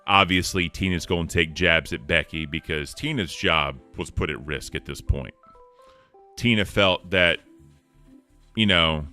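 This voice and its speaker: A man's voice: sits low, a little slow, bright, forceful tone, clean tone, soft background music. A man hosting an online talk show, chatting casually and earnestly, rambling with fillers and thanking viewers. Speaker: show host.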